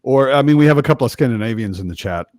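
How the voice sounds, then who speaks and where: A man's voice: mid-range voice, expressive, racing, darkish tone, no room sound, clean studio sound. A man hosting a casual video-call chat with friends, joking around and swearing casually. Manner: chatty, swears casually, jokey. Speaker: host.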